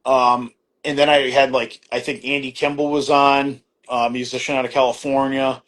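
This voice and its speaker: A man's voice: mid-range voice, level tone, moderate pace, fairly bright tone. Laid-back middle-aged man telling a story. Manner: rambling, many fillers and restarts, acts out quoted exchanges; laid-back, swears casually. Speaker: podcast guest. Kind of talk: casual storytelling conversation.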